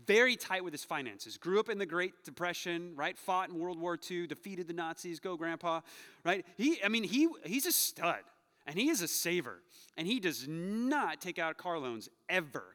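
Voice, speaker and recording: Um jovem pastor pregando um sermão, contando histórias com humor e exortando a congregação com ênfase crescente. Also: male voice, a little high. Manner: storytelling, joking, rising to loud urging. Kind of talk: sermon. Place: church sanctuary. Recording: long hall reverb.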